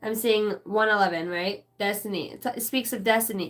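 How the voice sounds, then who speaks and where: A woman's voice: mid-range voice, a little fast, fairly bright tone, poor audio. A woman in her thirties giving a casual, profane, rambling live tarot reading as a channeler. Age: 30s.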